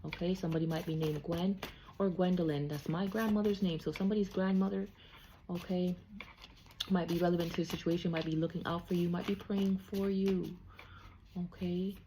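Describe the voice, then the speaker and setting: A woman's voice: fairly low pitch, steady tone, a little fast, dark tone, a little hiss or hum. A woman giving a casual spiritual card reading, chatty and checking in with "okay?" after nearly every thought. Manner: chatty, repeats "okay?" often. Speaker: psychic card reader.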